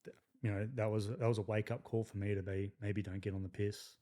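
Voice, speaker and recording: An Australian man in his thirties talks like he's among mates, peppering his stories with swearing and "like". His voice sits a little low, and his telling runs loose and unscripted. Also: brisk. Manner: crude, swearing, lively anecdotes with frequent "like". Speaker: podcast guest, army veteran. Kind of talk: casual storytelling.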